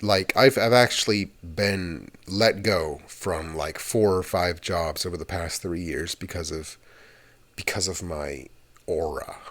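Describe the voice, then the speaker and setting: A young man with a deep, low-pitched voice talks in a loose, meandering way, hosting his ASMR channel. He drifts from point to point in a chatty monologue and swears casually now and then. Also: a little slow, a bit bright.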